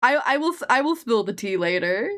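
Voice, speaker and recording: A woman's voice: a little high, big pitch swings, a little fast, fairly bright tone. A young woman streamer chatting casually while she draws, laughing often and swearing offhandedly.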